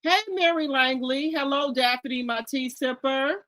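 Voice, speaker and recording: High, bright-voiced woman hosting a livestream. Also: measured pace. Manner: greets viewers in the chat by name, excitable, exclaims loudly. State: eating while talking. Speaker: livestream host. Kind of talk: casual livestream chat. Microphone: streaming from home.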